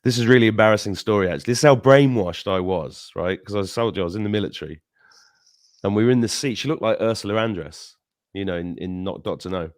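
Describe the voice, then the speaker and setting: A man's voice: fairly low pitch, fast, dry recording, studio quality. A man in his fifties hosting a casual podcast chat, rambling through stories with swearing and laughter. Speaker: show host.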